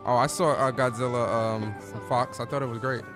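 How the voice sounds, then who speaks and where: Streamer, man, casual slangy game commentary, shouts out viewers, music behind. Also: medium pitch, fairly even intonation, normal speed. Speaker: gaming streamer. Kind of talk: live let's play commentary.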